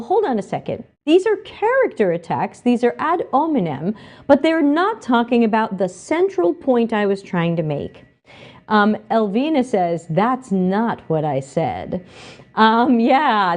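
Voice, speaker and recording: A woman hosting a livestream, reading viewer comments aloud and answering them with animated emphasis. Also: fairly high pitch. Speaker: livestream host reading chat.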